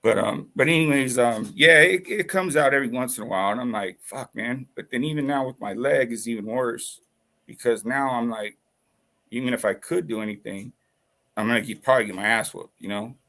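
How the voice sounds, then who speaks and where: A man with a gravelly, creaky voice tells a personal story in loose, casual talk. He rambles, swears freely, and fills the gaps with fillers and restarts. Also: mid-range voice, brisk, sharp tone. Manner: rambling, profane, full of fillers.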